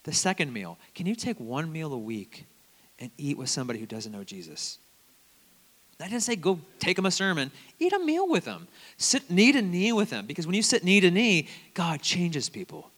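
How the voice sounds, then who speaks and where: A man preaching a sermon, telling stories animatedly and swinging between loud bursts and hushed asides. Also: on the high side, sing-song, moderate pace, in a large hall.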